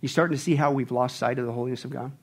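A man preaching a sermon as a pastor, swinging between loud outbursts and hushed, whispered lines. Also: mid-range voice, fairly even intonation, rapid-fire, husky.

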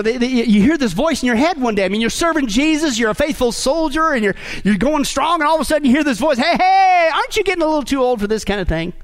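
A middle-aged male pastor with a very high-pitched voice preaches a sarcastic sermon, swinging between loud bursts and hushed asides.

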